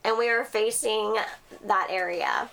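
A woman's voice: mid-range voice, steady tone, measured pace, gravelly, fairly bright tone, slight background noise. A woman co-hosting a podcast, chatting casually and reading listener stories with lots of giggling and swearing. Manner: giggly, profane storyteller. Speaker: podcast co-host.

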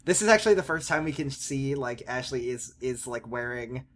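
Man, mid pitch, casual podcast co-host, sarcastic, animated. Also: fairly quick. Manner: animated, sarcastic, fillers and restarts. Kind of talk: casual chat recapping a TV show.

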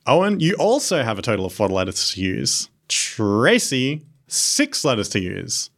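A man's voice: mid-range voice, big pitch swings, measured pace, creaky, fairly bright tone. A man hosting a comedy game show, playfully calling turns and announcing scores.

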